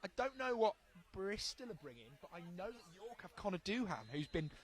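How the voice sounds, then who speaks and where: A man giving lively, jokey play-by-play commentary on a match. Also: high-pitched, fairly quick, slightly rough. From United Kingdom. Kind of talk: live sports commentary.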